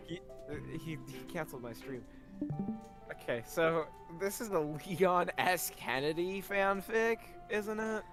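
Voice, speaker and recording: A young man co-hosting a casual livestream, his voice a little high. He banters in an animated, teasing way and swears freely. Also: slow, music in the background. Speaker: co-host.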